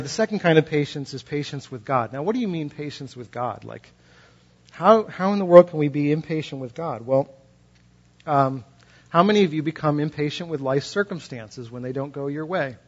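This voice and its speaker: Husky-voiced pastor preaching, conversational. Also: male voice. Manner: conversational, acts out quoted voices, rises in pitch when impassioned. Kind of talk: sermon. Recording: dull lo-fi recording.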